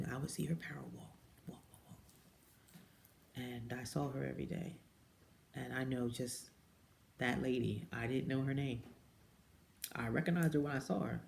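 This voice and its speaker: A woman talking casually to camera, telling her own story and jumping up high when she quotes people. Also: normal speed, creaky, long pauses, slight background noise. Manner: animated storyteller who mimics people with high-pitched quotes and drops into whispers. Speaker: direct-sales jewelry consultant. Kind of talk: casual personal vlog monologue.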